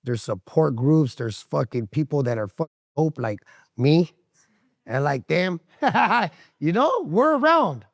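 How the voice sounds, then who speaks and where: Raspy, animated man, profane and streetwise, dry close sound. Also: fairly high pitch, slow, dry recording. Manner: rambling, profane, streetwise slang; animated, laughs often. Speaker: interviewee. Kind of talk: candid casual talk.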